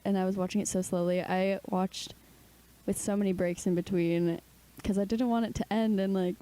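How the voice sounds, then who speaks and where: A woman's voice: mid-range voice, normal speed, warm tone, low-quality recording. A young woman co-hosting a podcast, chatting casually and gushing emotionally, with lots of "like". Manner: gushing, emotional, says "like" a lot. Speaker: podcast co-host. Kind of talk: casual chat.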